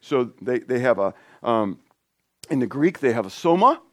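A man preaching an informal sermon in a conversational, rambling way, with asides and restarts that turn lively and high when he gets excited. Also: moderate pace, no room sound, clean studio sound. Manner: lively, rising pitch when animated.

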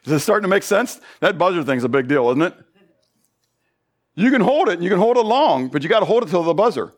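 A pastor preaching a Bible study sermon, animated, full of rhetorical questions. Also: male voice, sits high, fast.

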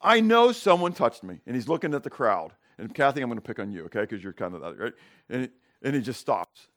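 Animated man teaching a Bible class. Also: on the low side, fast. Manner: animated, tags "okay?" and "right?" to check the class; asks the class questions and acts out scenes.

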